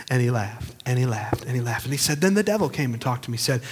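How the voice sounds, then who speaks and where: A man preaching a sermon, telling stories and swinging from booming to hushed. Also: animated, quick pace, hardly any pauses, slightly rough. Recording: long reverb of a large hall.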